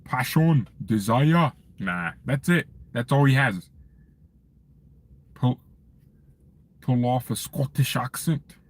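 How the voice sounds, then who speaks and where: A man's voice: mid-range voice, slow pace, long pauses. Man ranting casually on a live stream. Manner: animated, joking, ranting. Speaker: fan channel host. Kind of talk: casual live-stream chat reading viewer messages.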